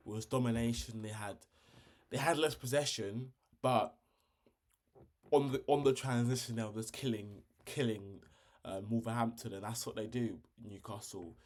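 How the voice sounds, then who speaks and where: A man hosting a casual football review, blunt and slangy, with fired-up opinions and frequent pauses. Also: lowish voice, a little mellow. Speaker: football channel host.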